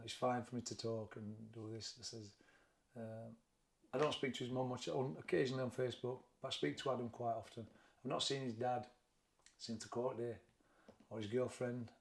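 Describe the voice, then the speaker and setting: A middle-aged boxing trainer from Sheffield, in Yorkshire, England, speaks with a broad local accent and a gravelly, mid-pitched voice during a candid personal interview. He tells his story plainly and haltingly in a steady tone, often doubling back and repeating words.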